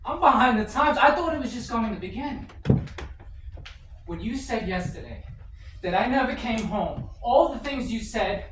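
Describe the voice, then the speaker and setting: Actor as pleading young husband, stammering, lively pitch, very echoey room, far from mic. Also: male voice, moderate pace, background noise. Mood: hurt. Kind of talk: dramatic scene acting. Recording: echoey room, distant mic, faint ambience.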